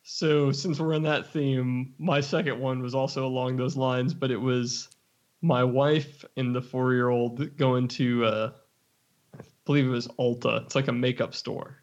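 A man's voice: medium pitch, level tone, a little slow, a little mellow. A man co-hosting a casual podcast chat, telling stories with a teasing, wry manner. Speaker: podcast co-host. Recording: dull lo-fi podcast audio.

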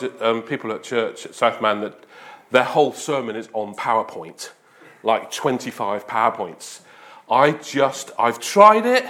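After an opening prayer, a man with a mid-range, fairly bright voice preaches an informal, conversational sermon. He repeats himself often, leaning on "Lord" and "just," and restarts his sentences.

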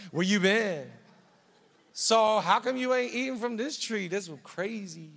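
A man's voice: high voice, animated, takes it slowly, gravelly, a bit bright, breathy edge, exaggerated voice. A man voicing a crafty serpent who coaxes in casual slang. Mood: coaxing. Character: crafty male serpent, smooth-talking and coaxing. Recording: reverberant hall.

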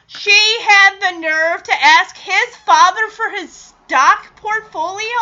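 Young woman, casual episode recap, teasing, gossipy, very lively pitch, muffled lo-fi recording. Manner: animated, gossipy, quick to laugh and tease. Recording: dull lo-fi audio.

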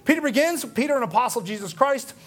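High-voiced man teaching a Bible study. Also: lively intonation, quick pace, fairly bright tone. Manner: conversational, explanatory, frequent "okay?" check-ins.

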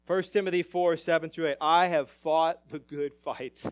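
A man pastor preaching a sermon emphatically, his loudness rising and falling. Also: on the high side, steady tone, normal speed, no echo, clean studio sound.

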